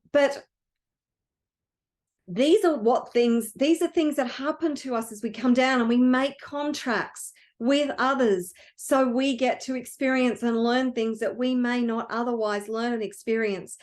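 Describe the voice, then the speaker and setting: Brief: earnest woman coach, heartfelt motivational talk, high voice. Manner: earnest and emotional. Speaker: wealth coach.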